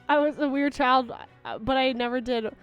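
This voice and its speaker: A woman's voice: sits high, fairly even intonation, unhurried, clean tone, muffled recording, soft background music. A young woman streamer chatting casually with her viewers, rambling with lots of fillers and restarts. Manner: baby-talk to her dog.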